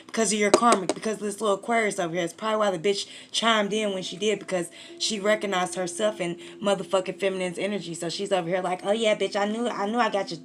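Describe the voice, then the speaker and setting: A woman's voice: on the low side, a bit bright, slight background noise. A woman doing a casual tarot reading to camera, blunt and profane, talking straight to her listener. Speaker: tarot reader.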